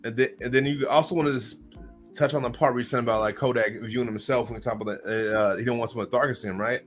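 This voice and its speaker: A man from the US Northwest with a mid-range voice, chatting casually on a podcast. He talks in a relaxed, profane way, often laughing between thoughts. Faint music plays quietly underneath. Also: medium pitch, quick pace. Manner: laid-back, profane, laughs between points.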